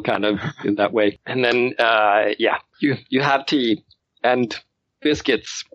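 A man's voice: medium pitch, measured pace, fairly bright tone, dry recording, highs cut off. A man narrating as game master of a tabletop game, rambling and often restarting his sentences. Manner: rambling, full of fillers and restarts.

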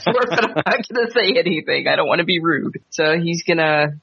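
A man playing a tabletop game in casual, quick talk. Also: on the high side, creaky, slightly rough. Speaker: player. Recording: dry, dull lo-fi recording.

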